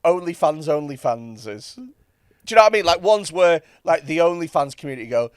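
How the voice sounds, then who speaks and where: A man's voice: on the high side, expressive, fairly quick, clear, resonant tone, no echo, clean studio sound. A man co-hosting a podcast, chatting crudely and teasing with lots of laughter. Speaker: podcast co-host. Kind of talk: casual comedic chat.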